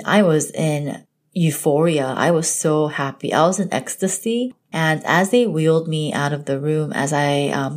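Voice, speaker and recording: Earnest low-voiced woman sharing a story. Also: a little mellow. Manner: emotional, earnest, many "like" fillers. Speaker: podcast host telling her birth story. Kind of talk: personal storytelling.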